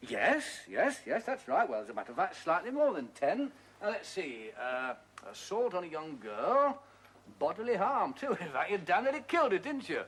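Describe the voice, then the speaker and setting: A man's voice: sits high, big pitch swings, normal speed, fairly bright tone, husky, exaggerated voice. An actor playing a sly male detective who mocks a suspect with chuckles and needling questions. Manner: taunting, sing-song, chuckling between questions. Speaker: police detective. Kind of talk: broadcast drama acting.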